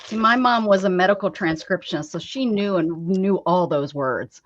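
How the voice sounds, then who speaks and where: A woman's voice: fairly low pitch, normal speed. A woman co-hosting a casual chat, talking in a playful, teasing way. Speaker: co-host. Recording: dull lo-fi audio.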